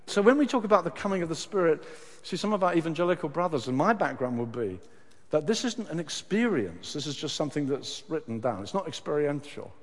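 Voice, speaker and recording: A man preaching a sermon, his fairly high voice rising and falling with lively swings. He moves from hushed, drawn-out words to loud, ringing cries. Long reverb from a large hall trails behind him. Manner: impassioned, swings from hushed to shouting.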